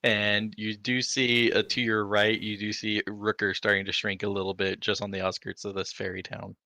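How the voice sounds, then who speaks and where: A man's voice: fairly low pitch, little pitch movement, normal speed, creaky, bright, forceful tone, no room sound. A man narrating as game master over a voice call, in a loose, chatty way with many fillers.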